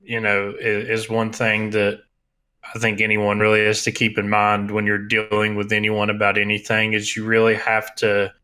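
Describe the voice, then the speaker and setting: Low, flat-voiced podcast co-host man. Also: moderate pace, smooth. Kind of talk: casual podcast chat.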